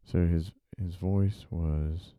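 A man, an author, thinks aloud while drafting and typing in a dark room, muttering, rereading and correcting himself. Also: deep voice, fairly even intonation, slow pace, no echo.

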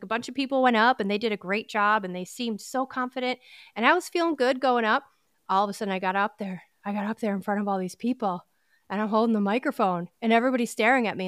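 Woman podcast host, earnest and encouraging, smooth voice, dry close mic. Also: mid-range voice, a bit bright, no echo. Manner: earnest, candid, encouraging, with quick restarts. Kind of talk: personal motivational podcast talk.

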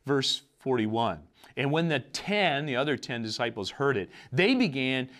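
A man's voice: medium pitch, expressive, moderate pace, hardly any pauses, a bit bright. A man preaching a sermon in a conversational, storytelling way, acting out the quoted voices.

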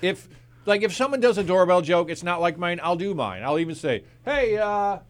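A man's voice: sits high, a little fast. A man, a comedian, telling stories in a casual chat in a radio studio. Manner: animated storytelling. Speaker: comedian guest.

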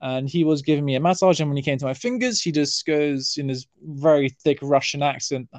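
A man, talking casually as an interview guest, relaxed and rambling with fillers and restarts. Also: a little high, brisk, no echo. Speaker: herbalist guest.

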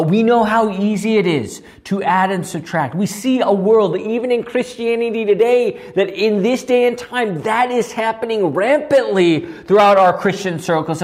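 Animated preacher full of tag questions. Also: medium pitch. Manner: loud, near-yelling delivery. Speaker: pastor. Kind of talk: sermon with Bible study.

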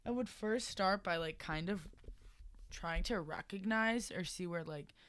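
A woman's voice: on the low side, a little slow, fairly bright tone. A young woman co-hosting a casual chat, laughing through her stories and giving friendly advice. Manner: laughing storyteller, casual and chatty.

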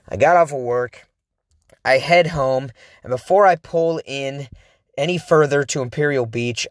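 A male podcast host tells a personal story in a loose, rambling way and keeps poking fun at himself. He stumbles and restarts his sentences often, speaking at a middling pitch. The close mic sounds dry, with no room around it. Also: no echo. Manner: rambling, self-deprecating, frequent restarts. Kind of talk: casual storytelling monologue.

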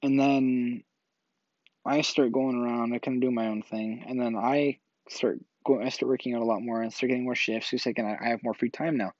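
A man's voice: mid-range voice, steady tone, brisk, darkish tone, dry recording. Guy rambling through a story, tons of "like"s, dry dull lo-fi audio. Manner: rambling, full of "like" and restarts. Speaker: vlog host telling a personal story. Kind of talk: casual storytelling. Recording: dull, slightly lo-fi dry recording.

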